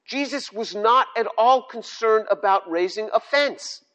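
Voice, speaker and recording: Emphatic older man preaching, high voice. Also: unhurried, sharp tone. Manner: emphatic, repeats phrases, stumbles and restarts. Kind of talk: sermon on scripture.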